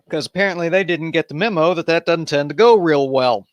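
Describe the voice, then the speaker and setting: A man's voice: a little high, a little fast, few pauses, a bit bright, no echo, studio quality. A man hosting an improvised bible study, reading aloud and commenting in a casual, irreverent way with wandering asides.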